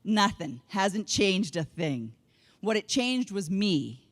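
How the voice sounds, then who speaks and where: A woman's voice: mid-range voice, big pitch swings, slow, big-room sound. A middle-aged woman delivers a motivational keynote with plenty of humour. She tells her stories bluntly and candidly and slips in the odd swear word. She speaks throughout. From Canada. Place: conference room with a live audience.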